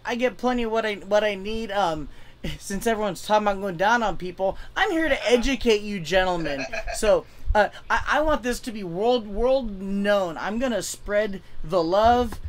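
A man's voice: high-pitched, lively intonation, moderate pace. A young man does stand-up over a video call, talking in loose, rambling runs. He stumbles and restarts often and keeps putting himself down. The delivery stays casual and unpolished. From California. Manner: rambling, self-deprecating, stammering restarts. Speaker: stand-up comic.

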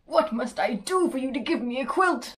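Greedy fretful king for a kids' storybook, wails a lot, voice sits a bit high, woman reading it out. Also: expressive, normal speed. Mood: pleading. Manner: wailing, exclaiming. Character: greedy king, grown man, fretful and dramatic.

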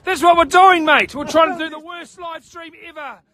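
A man with a New Zealand accent, yelling excitedly while fishing on a small boat outdoors and filming a live stream on a phone. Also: very high-pitched, normal speed. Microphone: phone camera.

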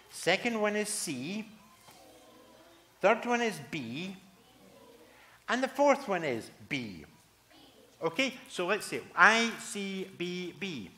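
A man's voice: a little high, fairly bright tone. A man, a pastor giving a playful children's address and telling a story in a church service.

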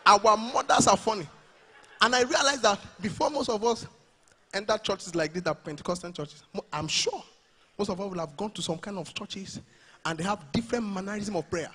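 A man with a Nigerian accent performing animated stand-up comedy live at a church event. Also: high-pitched, a little fast, husky. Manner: animated, mixing Pidgin and Yoruba.

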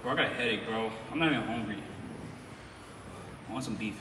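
A man's voice: lowish voice, brisk, background noise. A young man chatting casually after a workout, laid-back and saying like and bro a lot. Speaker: fitness vlogger. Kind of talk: casual chat. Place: gym at night. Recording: echoey gym hall.

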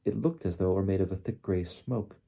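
Brief: male storybook narrator, low-pitched, dark and husky, calm reading. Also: a little fast. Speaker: audiobook reader. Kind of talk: reading a novel aloud.

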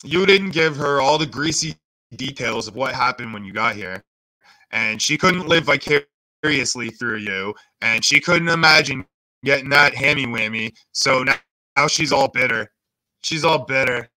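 A man's voice: medium pitch, expressive, moderate pace, pushed and bright. A man hosting a reaction video, making crude, mocking asides about the clips. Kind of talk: casual reaction commentary.

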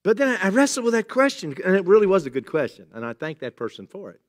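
A middle-aged man preaching a sermon in a church, talking casually and cracking jokes with the congregation. His voice sits a little high and swings widely in pitch. He keeps a loose, chatty manner throughout. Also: big pitch swings, fast talker. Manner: jokey, conversational preaching with chuckles and asides to the congregation. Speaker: pastor. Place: church sanctuary.

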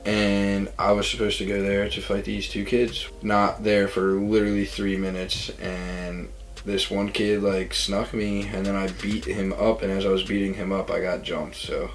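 Young man, low voice, loose rambling storyteller who acts out the quotes. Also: level tone, normal speed, slight background noise, rough recording. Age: young adult. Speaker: storytelling guest. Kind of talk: casual party stories.

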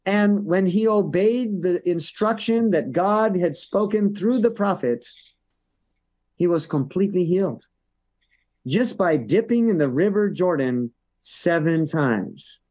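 A man's voice: high-pitched, lively intonation, takes it slowly, a little mellow. A man preaching a sermon as a church elder, reading scripture aloud and then retelling it in everyday words with frequent "no?" and "you know". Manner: reads scripture then retells it in plain words, tag questions.

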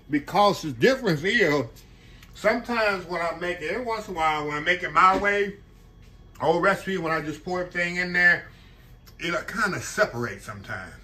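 A man's voice: a little high, moderate pace, sharp tone. A man hosting a casual home cooking vlog, folksy and chatty, talking straight to his viewers. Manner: chatty, folksy, keeps calling the audience y'all. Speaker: cooking channel host.

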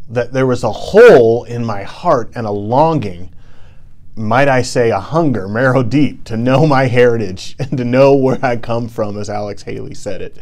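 A man's voice: medium pitch, a little mellow. A man giving a TED-style inspirational talk as a presenter, earnest and impassioned, building emphasis through rhythmic repetition.

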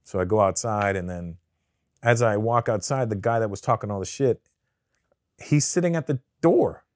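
A man from Canada, a comedian guest telling stories in a casual, profane and animated way. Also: on the low side, moderate pace, no room sound, clean studio sound. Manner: profane, animated storyteller who acts out the people in his story. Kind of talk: casual storytelling interview.

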